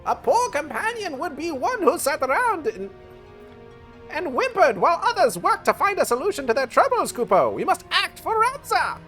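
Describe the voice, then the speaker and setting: A man voicing a small, earnest moogle creature from a game, with a shrill, exclaiming sing-song delivery. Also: huge pitch swings, moderate pace, pushed and bright, faint music behind, exaggerated voice. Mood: rallying.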